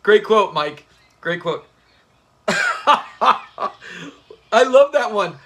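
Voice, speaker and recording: Man, high bright voice, casual livestream host, laughs a lot, chats with viewers. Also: sing-song, extremely slow. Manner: chatty, laughs often, talks to the live chat. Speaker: channel host. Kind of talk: casual livestream watch-party chat.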